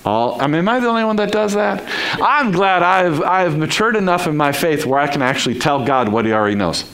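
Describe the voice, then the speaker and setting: A man's voice: fairly high pitch, lively intonation, brisk, fairly bright tone, low-quality recording. A male pastor preaching a sermon in a conversational style, full of rhetorical questions to the congregation.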